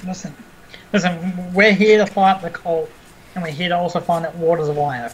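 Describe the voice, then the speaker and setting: A man playing a tabletop game, speaking in a hesitant, halting way. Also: sits high, steady tone, a little hiss or hum, poor audio. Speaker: player. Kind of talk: casual tabletop play.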